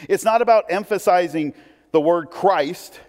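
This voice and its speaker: A man's voice: sits high, measured pace, a little mellow. A man preaches in a church, moving between a plain conversational tone and bursts of emphasis. His voice rings with a long hall reverb. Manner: conversational preaching with asides and restarts. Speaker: pastor. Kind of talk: sermon.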